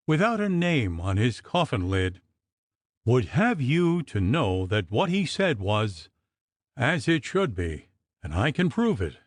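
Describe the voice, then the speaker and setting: A man voicing a grim, menacing male church clerk in an audiobook, with a hoarse, level voice and quiet threat. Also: mid-range voice, no room sound, clean studio sound. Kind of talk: audiobook character reading.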